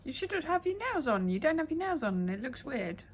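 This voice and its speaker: A woman's voice: high voice, big pitch swings, a little fast, poor audio. A woman getting her nails done at home, chatting and rambling through long, loose explanations. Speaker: client, the host's sister. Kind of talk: casual chat.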